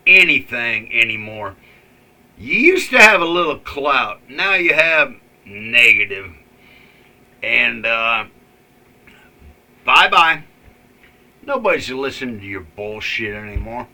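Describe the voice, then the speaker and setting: A man's voice: mid-range voice, sharp tone. A man ranting angrily in a rambling, profane vlog with many fillers. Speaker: vlogger. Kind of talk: ranting political commentary.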